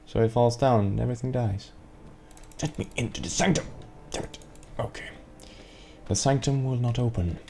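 A man's voice: on the low side, mellow, a little hiss or hum. A man giving sarcastic, rambling gameplay commentary to himself, swearing often, at a desk microphone. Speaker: let's play gamer.

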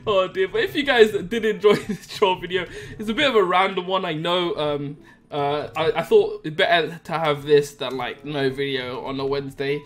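Excitable high-voiced young man giggling. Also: normal speed. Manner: excitable, laughs a lot, giggly commentary on his own prank. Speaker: Minecraft trolling video host. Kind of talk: casual gameplay commentary. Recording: faint music behind.

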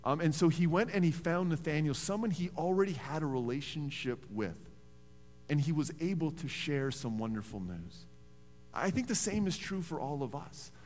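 A man, a pastor preaching a sermon in a church in a conversational, animated storytelling way. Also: a little high, normal speed, slight background noise. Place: church sanctuary. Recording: reverberant church hall.

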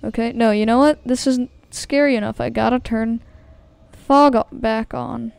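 A woman streaming her gameplay chats straight to viewers, easily startled and nervously repeating herself. Her slightly high voice has vocal fry and a slightly mellow, smooth quality, steady in tone at a moderate pace, with no echo.

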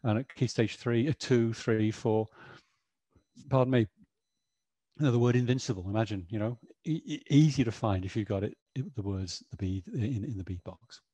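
A middle-aged man gives an educational webinar talk in a chatty, explanatory way. His voice is husky and mellow. The sound is dry and close. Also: medium pitch, moderate pace, dry recording. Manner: chatty, explanatory, frequent "you know". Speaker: webinar presenter.

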